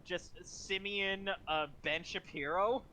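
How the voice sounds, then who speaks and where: A man co-hosting a stream, rambling excitedly and swearing as he pitches ideas. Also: slow pace, a little hiss or hum. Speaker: co-host. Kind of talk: casual streaming banter.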